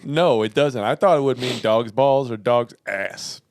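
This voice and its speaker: A man in a relaxed podcast conversation, quizzing his friend with a playful, teasing edge. He spells words out letter by letter and laughs easily. His voice sits at a middling pitch. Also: measured pace, dry recording, studio quality. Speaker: podcast co-host. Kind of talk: casual chat.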